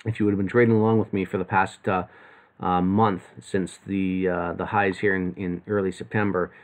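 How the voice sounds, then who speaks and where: A man's voice: low voice, flat delivery, moderate pace. A man giving live market commentary to viewers in a loose, rambling way, full of fillers and restarts. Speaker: trading analyst.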